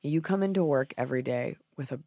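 A woman co-hosting a casual advice chat, cracking sarcastic, deadpan jokes. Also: a bass voice, fast talker, no echo, studio quality. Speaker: podcast co-host.

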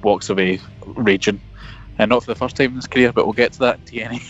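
A man's voice: on the low side, fairly even intonation, quick pace, soft background music. Male podcast co-host, self-mocking and sweary, dull remote-call sound. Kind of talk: casual chat. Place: parked car.

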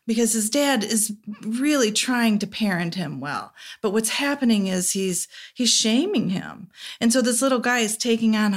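A woman's voice: fairly high pitch, expressive, normal speed. A woman therapist as a guest in a conversation, speaking reflectively and often checking in with "right?". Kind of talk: casual podcast conversation.

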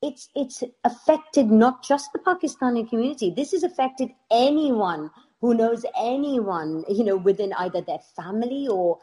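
A middle-aged British woman, an actress, telling stories in a casual interview with lively laughter. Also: a little high, normal speed. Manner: animated storytelling with laughs. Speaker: actress guest.

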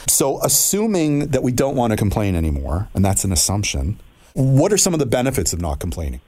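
A male host with a lively, bouncing voice that rises and falls a lot. He keeps the talk loose with jokey, self-mocking banter while he leads a casual interview. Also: on the low side, fairly quick, breathy edge. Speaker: radio show host.

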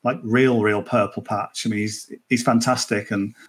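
A man's voice: on the low side, steady tone, moderate pace, fairly bright tone, slightly rough. Chatty man tipping golf bets. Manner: chatty, rambling with restarts. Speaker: golf betting tipster. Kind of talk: casual podcast chat.

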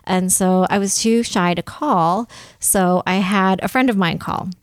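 A woman's voice: mid-range voice, unhurried, clean tone, no room sound, clean studio sound. A woman in her forties, a fashion designer guest, telling a story in casual chat and laughing often.

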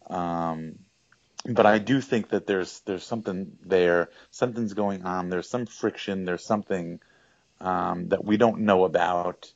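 A man co-hosting a casual sports podcast, giving his opinions in halting sentences with many restarts. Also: sits low, fairly even intonation, vocal fry, no echo, dull audio. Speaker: sports blog writer and podcast co-host.

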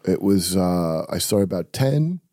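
A man hosting a podcast in casual comedic chat, animated and profane as he riffs. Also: low voice, a little slow, no echo, studio quality. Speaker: podcast host. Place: podcast studio.

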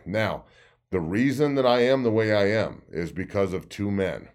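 A man in his thirties, a former football player hosting a podcast, telling profane, excitable stories and acting out the quotes. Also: deep voice, moderate pace. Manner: excitable, profane storytelling with lively put-on quotes. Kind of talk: casual podcast chat.

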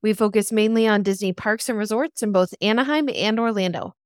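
Woman podcast host, calm and friendly, dry mic. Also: mid-range voice, a little fast, dry recording. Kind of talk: casual podcast chat.

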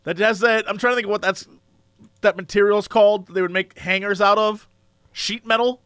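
A man in casual comedic chat, animated and laughing often. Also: high voice, normal speed, clean tone, dry recording, clean studio sound.

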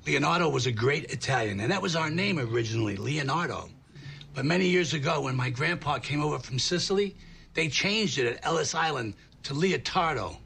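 An actor playing a proud, touchy Italian-American teacher in a comedy clip, talking in a pompous, indignant way. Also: male voice, on the high side, expressive, a little fast, creaky, sharp tone, a little hiss or hum, exaggerated voice.

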